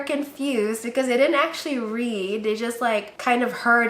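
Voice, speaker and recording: A woman's voice: on the high side, moderate pace, hardly any pauses, fairly bright tone. Bubbly young woman vlogging, roomy sound. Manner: bubbly, laughs often, acts out quoted voices. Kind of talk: casual vlog chat. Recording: roomy echo.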